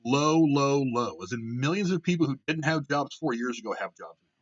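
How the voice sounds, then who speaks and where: A man's voice: mid-range voice, sing-song, fast talker, husky, highs cut off. Blunt, profane man ranting on politics. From Ohio. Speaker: political commentary host. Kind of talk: casual opinion rant.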